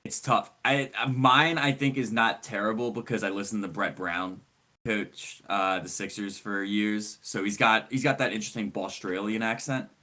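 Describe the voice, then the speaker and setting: Laid-back, lower-voiced male podcaster. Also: moderate pace. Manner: relaxed, conversational, joking. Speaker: podcast co-host. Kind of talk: casual sports chat.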